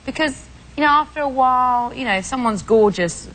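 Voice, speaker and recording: A British woman from England, a talk show guest chatting casually and telling animated stories. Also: sits high, a little fast, low-quality recording. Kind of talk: casual chat.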